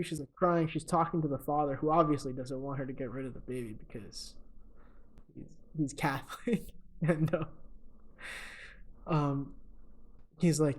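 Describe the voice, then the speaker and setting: A man's voice: a little high, fairly even intonation, measured pace, long pauses. A young man co-hosting a podcast, casually retelling a movie's plot with lots of ums and uhs and chuckling at his own jokes. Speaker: podcast co-host. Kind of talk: casual comedic movie recap.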